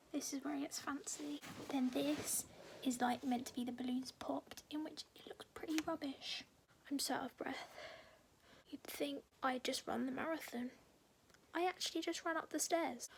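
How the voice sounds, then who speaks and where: In her bedroom, a young vlogger with a high voice and vocal fry rambles casually to a handheld phone camera. She says "like" constantly and often drops to a near whisper, with slight background noise.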